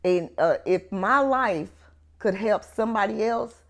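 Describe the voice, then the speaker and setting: Earnest gravelly-voiced woman giving testimony. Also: mid-range voice, animated, a little slow. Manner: earnest, storytelling with quoted dialogue. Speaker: ministry founder sharing testimony. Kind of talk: personal testimony.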